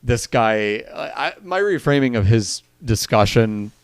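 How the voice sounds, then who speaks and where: A man's voice: medium pitch, lively intonation, a little slow, clear, resonant tone, no echo. A man co-hosting a casual gaming podcast, thinking aloud and rephrasing his points as he goes. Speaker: podcast co-host.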